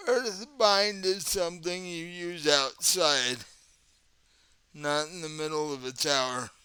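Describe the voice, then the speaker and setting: A man running a tabletop game as game master, explaining the scene slowly and chuckling often. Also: on the high side, sharp tone, smooth, no room sound.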